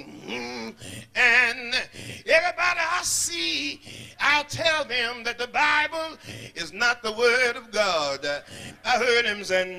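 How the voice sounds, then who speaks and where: Male pastor, whooping sermon delivery, very high voice, slow drawn-out phrasing. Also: animated, creaky, bright, forceful tone. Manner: chanted, cries out, punctuated with "uh".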